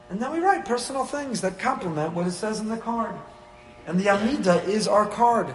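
Rabbi guy teaching torah class, animated, acts out bits, voice kinda high, big hall echo. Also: slight background noise. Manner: animated, acts out little dialogues with humor. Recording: long hall reverb.

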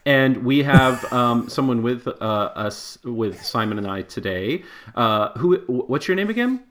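A man's voice: medium pitch, animated, a little slow, a bit bright. A man hosting a casual podcast over a video call, rambling with many fillers and frequent laughs. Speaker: podcast host. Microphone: personal microphone on a video call.

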